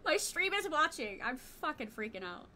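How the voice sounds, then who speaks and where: A young woman streaming a video game, chatting casually with viewers, excitable and quick to swear and yell in frustration. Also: high-pitched. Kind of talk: casual live-stream chat while gaming.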